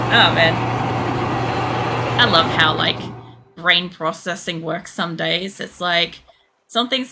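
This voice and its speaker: A woman's voice: on the low side, gravelly. A young woman streams a game, rambling through stories with a lot of swearing and laughter. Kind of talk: casual live-stream chat while playing.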